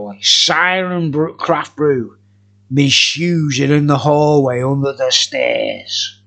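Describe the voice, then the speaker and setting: A man's voice: medium pitch, sharp tone, slightly rough. A man, reviewing beer in a rambling, jokey, profane casual chat. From England.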